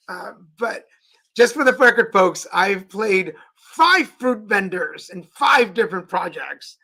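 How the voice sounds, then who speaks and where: Bright, animated host man. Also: high voice, unhurried, gravelly. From Texas. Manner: animated, playful storyteller. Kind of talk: casual live-stream chat.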